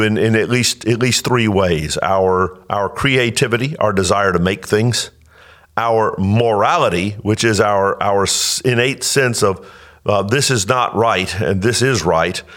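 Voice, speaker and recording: A man teaching on a podcast, explaining scripture in a slow, deliberate way with emphatic rises and frequent restarts. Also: mid-range voice, a bit bright. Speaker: pastor and podcast host.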